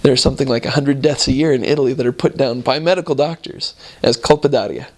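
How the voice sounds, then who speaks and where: A man from the United States tells a casual anecdote at an ordinary middle pitch. He stops and restarts often, leans on fillers, and laughs at the odd parts of his own story. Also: quick pace.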